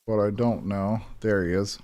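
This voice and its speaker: Young man, lower voice, casual game commentary, rambling, chatty, talking to himself. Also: fairly even intonation, moderate pace, a little mellow. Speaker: gaming channel host. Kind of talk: casual let's-play commentary.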